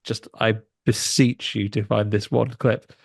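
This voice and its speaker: Gravelly man, chatty podcast recap. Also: on the low side, unhurried, no echo, studio quality. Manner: rambling, animated retelling with frequent restarts. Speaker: podcast co-host. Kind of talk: casual chat recapping a film.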